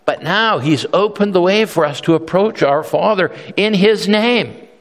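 Male pastor, higher register, earnest and emphatic sermon delivery with frequent restarts, recorded in a large hall with long reverb. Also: lively intonation, measured pace. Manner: earnest, emphatic, often repeats words as he restarts.

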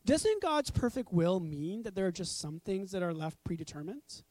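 A woman's voice: fairly low pitch, sing-song, moderate pace, dark tone, no room sound. A woman preaching a conversational sermon, telling stories with animation and acting out voices. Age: adult parent.

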